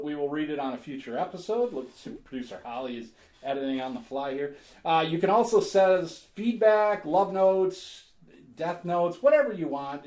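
A man's voice: a little high, a little mellow. A man hosting a podcast in casual chat, joking and laughing often. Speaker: podcast host. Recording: roomy echo.

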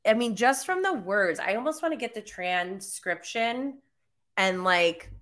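A young woman talks in a loose, chatty way, with lots of "like" and easy laughter. Her voice is bright and clear. She speaks at an unhurried, drawn-out pace, as a host talking straight to her listeners. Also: mid-range voice, expressive. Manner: chatty, laughs often, many "like" fillers. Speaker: podcast host recapping reality TV. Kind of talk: casual chat.

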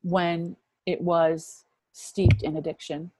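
A woman's voice: fairly low pitch, little pitch movement, slow, husky, dry recording. Earnest woman in her fifties, dry sound. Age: 50s. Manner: earnest, reflective, often softening to a hush. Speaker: interview guest. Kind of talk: personal faith testimony.

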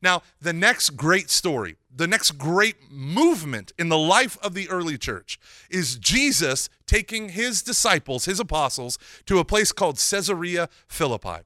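Guy teaching scripture all animated, high voice that jumps around a lot. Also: a little slow, no echo, studio quality. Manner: animated, acts out quoted dialogue; casual slang mixed with scripture. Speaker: Catholic teacher. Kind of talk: lively teaching talk.

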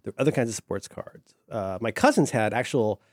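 Animated middle-aged man, dry close sound. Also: lowish voice, fairly quick, no echo. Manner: enthusiastic, rambling with fillers and restarts. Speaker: podcast co-host. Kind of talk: casual chat.

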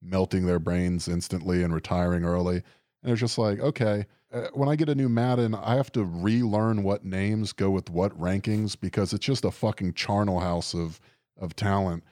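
A man's voice: deep voice, moderate pace, mellow, no room sound, clean studio sound. A young man chatting casually on a podcast, rambling and sardonic, swearing often and leaning on fillers. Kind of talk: casual chat.

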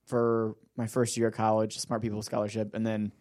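A man's voice: lowish voice, monotone, a little fast, a little mellow. Man making short dry quips. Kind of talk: casual chat.

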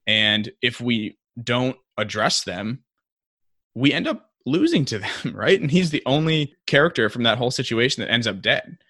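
A man's voice: mid-range voice, very animated, moderate pace, sharp tone, no echo, clean studio sound. A young man co-hosting a casual podcast discussion, talking in a chatty way with lots of fillers and restarts. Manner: chatty, many likes and restarts, acts out quotes. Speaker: podcast co-host.

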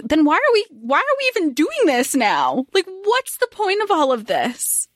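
A woman co-hosting a podcast, talking casually about a novel with animated, exasperated reactions. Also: sits high, a little slow, hardly any pauses, no room sound, clean studio sound. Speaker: podcast co-host. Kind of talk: casual book discussion.

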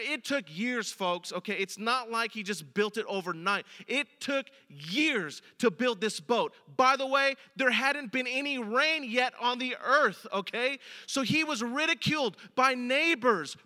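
A man's voice: very high voice, bright, forceful tone. A man preaching a sermon as a pastor, speaking conversationally and addressing the congregation directly. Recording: long reverb of a large hall.

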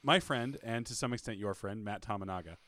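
A man's voice: on the low side, brisk, no echo. A man co-hosting a podcast in casual chat, wry and teasing. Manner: wry, teasing, animated delivery. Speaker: podcast co-host.

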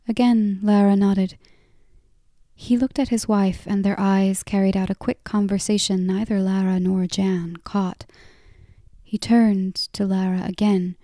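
A woman narrating a story in a whispered role-play, softly and unhurriedly. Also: medium pitch, steady tone, no echo, clean studio sound. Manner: soft, unhurried reading.

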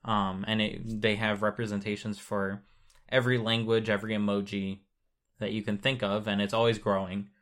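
A man's voice: on the low side, level tone, moderate pace, a bit bright. Guy walking a friend through how bits get sent, lots of um and like, easygoing. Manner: patient, chatty, lots of fillers and hedges. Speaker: explainer. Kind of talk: casual explanation.

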